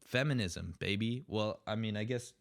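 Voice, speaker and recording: A man's voice: on the low side, moderate pace, gravelly. A young man hosting a solo comedy podcast, ranting sarcastically with plenty of swearing. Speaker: podcast host.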